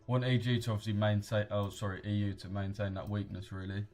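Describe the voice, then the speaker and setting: A man's voice: fairly low pitch, flat delivery, fast, darkish tone, faint music behind. A young British man hosting a live trading stream, chatting casually in slang and reading out viewer comments. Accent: British English. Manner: laid-back, slangy, reads out viewer comments. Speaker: trading livestream host. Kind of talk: casual livestream chat.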